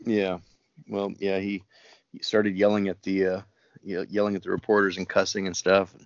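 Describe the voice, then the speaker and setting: A man's voice: low voice, flat delivery, normal speed, no room sound, muffled recording. A man on a podcast, chatting casually and rambling with lots of fillers. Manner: rambling, many fillers, laughs often. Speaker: podcast co-host. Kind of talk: casual chat.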